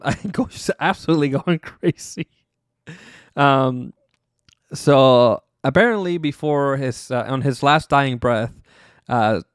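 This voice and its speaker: A man's voice: mid-range voice, no room sound, clean studio sound. A man hosting a podcast, recapping casually in a rambling, profane way, full of fillers and chuckles. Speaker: podcast host.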